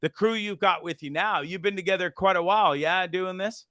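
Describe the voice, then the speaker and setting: A man's voice: high-pitched, fairly quick, sharp tone, dry recording. A man hosting a casual interview, rambling and swearing freely. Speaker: host. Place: bar in Nicaragua.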